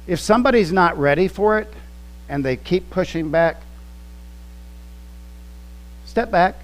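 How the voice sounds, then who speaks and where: A man delivering a sermon at a slow, deliberate pace, leaning hard on key words. His voice sits a little high for a man. A faint electrical hum runs under the recording. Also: animated, rough recording. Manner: slow, emphatic teaching with quoted scripture and word studies. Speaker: pastor.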